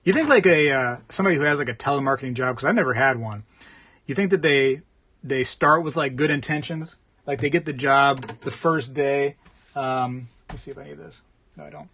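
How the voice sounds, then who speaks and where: A man's voice: medium pitch, brisk, bright, forceful tone, slight background noise. A man hosting a casual livestream, rambling and chatting while reading out viewer comments. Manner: rambling, chatty, reads out chat. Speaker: livestream host.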